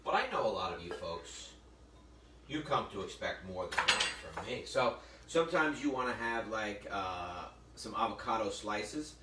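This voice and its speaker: A chef with a voice on the low side and lively intonation talks at a normal speed during a live cooking demonstration. His manner is chatty and joking, with stories along the way and frequent mentions of "folks." Faint noise and a roomy, distant mic place him in a kitchen or library demo room.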